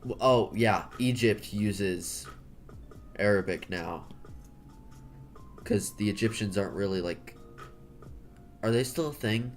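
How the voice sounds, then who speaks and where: A man's voice: fairly low pitch, slow pace, pauses often. Rambling American guy chatting while drawing. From United States. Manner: rambling, self-correcting, jokey. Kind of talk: casual chat while drawing.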